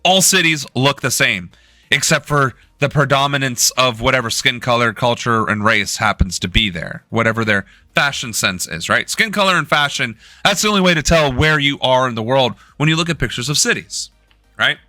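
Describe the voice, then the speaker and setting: A man's voice: medium pitch, lively intonation, moderate pace, bright, forceful tone, dry recording, studio quality, faint music behind. A young man from the United States hosting a political live stream, ranting in a profane, sarcastic way.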